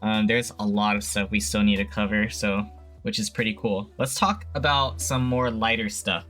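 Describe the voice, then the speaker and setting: Guy hosting a live podcast, bright punchy voice, polite and steady, lil bit of music in the back. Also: fairly low pitch, moderate pace. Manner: polite, steady, trying to stay professional. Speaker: podcast host. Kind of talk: live-streamed interview podcast.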